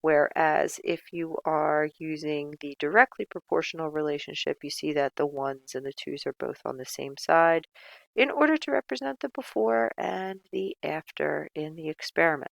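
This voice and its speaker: A woman's voice: deep voice, normal speed, creaky, no echo. A woman teaching chemistry in a casual, chatty lecture with self-mocking asides.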